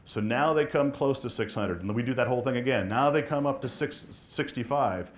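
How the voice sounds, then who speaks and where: In this live real estate marketing session, the male instructor's mid-range voice moves fast and full of energy. He plays out conversations with agents and clients to illustrate his points.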